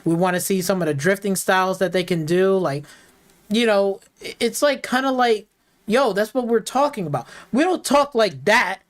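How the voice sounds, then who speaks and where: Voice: mid-range voice, moderate pace. A game streamer ranting about a racing game in a profane, heated, repetitive way, now and then mocking its dialogue in exaggerated put-on voices.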